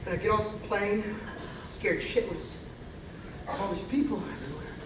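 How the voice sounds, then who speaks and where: A singer telling a profane, animated story between songs on a concert stage, in an echoey live hall recorded from far off. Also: male voice, sits high, normal speed, background noise.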